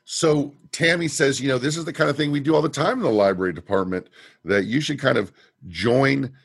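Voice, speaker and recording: A man co-hosting a podcast, casually recapping a TV episode and retelling scenes in an animated way. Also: medium pitch, fairly quick, creaky, slightly rough, no room sound, studio quality. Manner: animated retelling with quoted lines and laughs. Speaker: podcast co-host.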